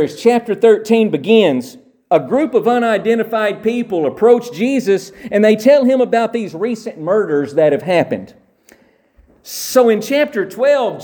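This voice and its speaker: A man, a pastor, preaching a sermon to a church with emphatic swings from loud exclamations to quiet asides. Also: high-pitched.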